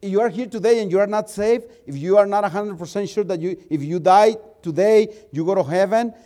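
A male preacher and missionary telling a story in a sermon, animated and repeating words as he gets excited. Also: sits high, fairly quick.

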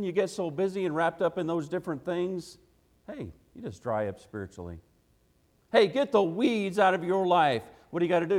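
A male preacher delivers an emphatic evening sermon in a rather high voice. He talks in a folksy way, full of rhetorical questions and interjections, and his words carry a long reverb through a church hall. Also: darkish tone. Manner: folksy, drops into "gotta" and "ain't". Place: church sanctuary.

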